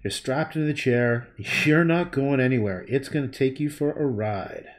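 A man's voice: medium pitch, moderate pace. A man painting on a livestream, thinking aloud in a rambling way, humming and murmuring to himself between sentences.

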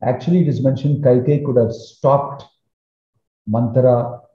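Man preaching a story sermon, animated, kind of muffled echoey sound. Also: medium pitch, a little slow. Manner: animated storytelling with casual fillers. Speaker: swami, spiritual teacher. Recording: roomy, slightly muffled recording.

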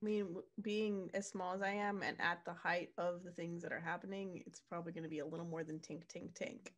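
A woman's voice: fairly low pitch, level tone, fairly quick. A woman playing a tabletop game, chatting about her moves with frequent restarts. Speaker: player. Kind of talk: tabletop role-play chat.

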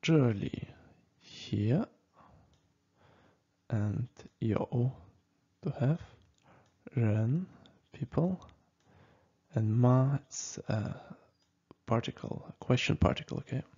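Male teacher, very slow and halting delivery, gravelly husky voice, dull lo-fi sound; checks in with "okay?" often. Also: mid-range voice, expressive, dark tone. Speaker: language teacher. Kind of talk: casual spoken lesson. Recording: dull lo-fi recording.

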